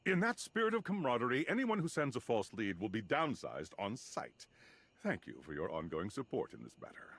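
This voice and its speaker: A stiff, officious corporate announcer in a video game delivers polite threats in a flat, bureaucratic tone. His gravelly voice climbs and drops widely, making the formality sound faintly sinister. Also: medium pitch, fairly quick. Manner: formal, bureaucratic, deadpan menace. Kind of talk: scripted game dialogue.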